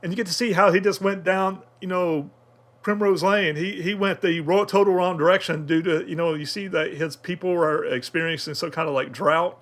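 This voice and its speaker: A man's voice: high-pitched, fairly even intonation, normal speed, a bit bright. Rambling, filler-heavy male anime reviewer. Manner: rambling, many fillers and restarts. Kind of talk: casual commentary.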